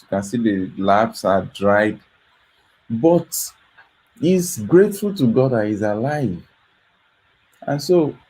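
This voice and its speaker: A man from Africa who runs a foundation speaks earnestly in a late-night video, tired and yawning, repeating himself as he expresses gratitude. His voice is on the low side, warm and slightly rough, and the audio is poor.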